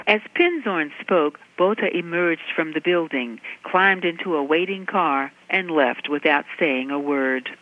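A woman's voice: sits low, no room sound. Woman reporting over a dull line. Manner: measured, even reporting delivery. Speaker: news correspondent. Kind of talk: reported news segment.

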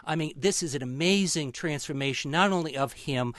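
A man's voice: fairly high pitch, fairly quick, a bit bright, dry recording. A man speaking as a professor guest on a radio call-in discussion, earnest and anecdotal, often repeating his words.

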